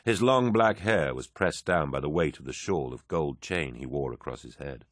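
A man narrating an audiobook, reading in a measured, low-key dramatic way and voicing the characters. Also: lively intonation, dry recording, studio quality. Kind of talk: scripted narration.

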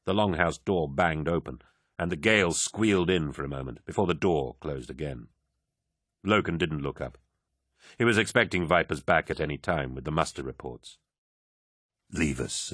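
A man narrating an audiobook in a measured, grave manner. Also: rumbling low, a bit bright, dry recording, clean studio sound. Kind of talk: scripted narration.

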